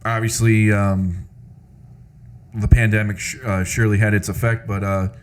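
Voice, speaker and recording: A man's voice: fairly low pitch, level tone, moderate pace, a little hiss or hum. A man co-hosting a podcast, asking interview questions hesitantly with many ums. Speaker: podcast co-host.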